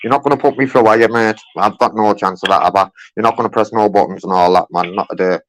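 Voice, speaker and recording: A man's voice: on the low side, fast talker, no echo, poor audio. Insistent man complaining on a call. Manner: insistent, repetitive, keeps saying "you know what I mean". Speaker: caller. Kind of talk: heated phone complaint.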